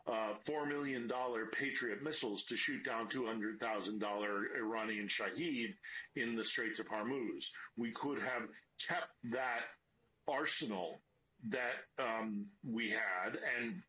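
A man's voice: mid-range voice, unhurried, pushed and bright. A man, a war correspondent, speaking by phone in an earnest, explanatory way, tired from lack of sleep. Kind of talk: phone interview. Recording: dull lo-fi phone line.

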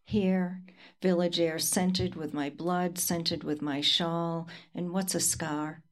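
Slow, low-voiced woman reading poetry. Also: fairly even intonation. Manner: slow, deliberate recitation with pauses. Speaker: poet.

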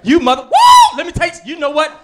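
A man's voice: very high voice, huge pitch swings, fast, background noise, voice pushed up, full character voice. A man playing a fiery churchgoing older mother. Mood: fiery threatening. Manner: loud, threatening, preachy scolding.

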